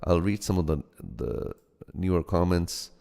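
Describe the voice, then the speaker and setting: Man with an American-Indian accent, deep smooth voice, halting live-stream host, long reverb. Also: expressive. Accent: American-Indian mix. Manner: halting, frequent ums and restarts, greets each viewer warmly by name. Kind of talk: live-stream greetings to viewers. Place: home studio.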